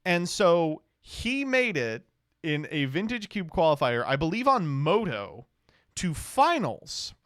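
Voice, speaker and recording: A man streaming casual reaction commentary, animated, swearing freely and laughing often. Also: on the high side, slow, no echo, clean studio sound.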